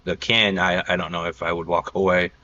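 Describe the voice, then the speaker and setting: Podcast host, man, low pitched and bright-edged voice, loose rambling delivery, dull lo-fi audio. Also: level tone, brisk. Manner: rambling, filler-heavy storytelling. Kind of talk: casual podcast chat.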